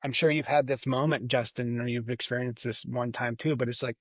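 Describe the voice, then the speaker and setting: A man's voice: mid-range voice, fairly even intonation, fairly quick, no room sound. Rambling man with a dull lo-fi sound. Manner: rambling, leans on repeated filler phrases. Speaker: podcast guest. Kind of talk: casual chat.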